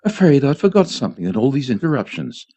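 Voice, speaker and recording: Casting: pushy little boy, lively and high, mellow tone, put on by a man reading aloud. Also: fast. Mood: demanding. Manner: eager, insistent child's pleading. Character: small boy, jealous and demanding. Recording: dull lo-fi community radio.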